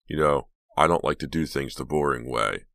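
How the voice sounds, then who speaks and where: A man's voice: a bass voice, normal speed, vocal fry, fairly bright tone, no echo, clean studio sound, full character voice. A man voicing a cocky, brash young college dropout in an audiobook. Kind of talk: audiobook character voice.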